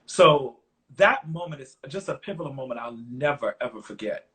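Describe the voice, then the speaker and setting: Middle-aged guy guesting on an interview, storytelling mode, does everybody's lines in quotes, gets earnest, normal-pitched voice. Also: normal speed. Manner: lively anecdotes, acts out others' lines in quotes; earnest and openly emotional when reflecting. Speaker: guest songwriter.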